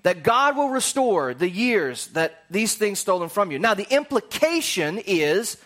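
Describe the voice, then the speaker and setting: A man with a notably high voice gives a casual, conversational sermon. He rambles through his points and slips in jokey asides along the way. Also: very animated, unhurried, a bit bright.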